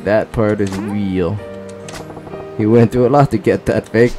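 A gruff gangster lectures in a loose Southern drawl, as a man reads the part from a game. The voice is low and unhurried, with faint game music underneath. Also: fairly even intonation, mellow, natural voice. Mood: earnest. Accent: put-on Southern US drawl. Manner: folksy drawl, reading game dialogue aloud.

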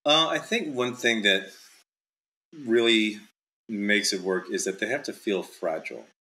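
A man's voice: lowish voice, measured pace, pushed and bright, rough recording. A male author being interviewed in casual chat, talking in loose, rambling sentences full of "like" and "um". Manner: rambling, heavy with fillers like "like" and "um".

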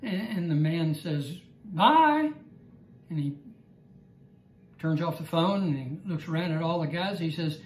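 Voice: mid-range voice, fairly even intonation, normal speed, a little mellow, roomy sound. A Bible class teacher giving an evening lesson and telling a joke with chuckles and restarts.

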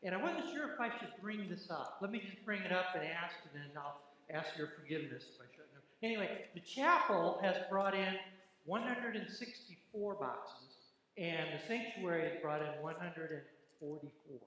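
A man's voice: high-pitched, animated, moderate pace, pushed and bright. A man giving casual church announcements in a folksy, joking manner from the front of a large sanctuary, with plenty of ums and uhs. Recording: very echoey church hall, faint noise.

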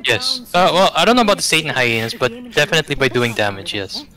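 Bright-voiced man giving dry game tips. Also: a little high, sing-song, fast. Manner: gives instructions, dry teasing. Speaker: gamer. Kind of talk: casual gaming chat.

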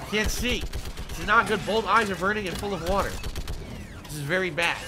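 A man giving casual gameplay commentary, excitable and prone to laughing and mock-outraged rants. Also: high voice, fairly quick, long pauses, over music.

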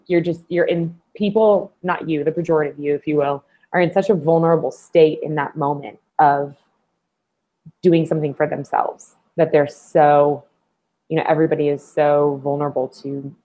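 A woman on a fitness panel who talks in a lively way and acts out the voices she quotes. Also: deep voice, normal speed. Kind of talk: casual panel discussion. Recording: slightly dull lo-fi audio.

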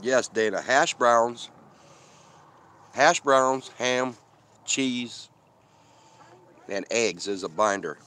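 A man's voice: mid-range voice, drawn-out words, long pauses, sharp tone. A man casually chatting on a live stream from an outdoor desert campsite, rambling and talking while he eats. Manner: chatty, rambling, reads out viewer comments; talks while eating. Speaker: van-life vlogger hosting a live stream.

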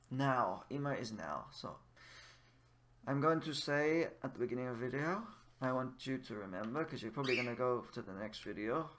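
A man giving a casual spoken language lesson while playing a game, patiently repeating each word slowly for the learner. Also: medium pitch, pushed and bright. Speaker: language teacher in a game video.

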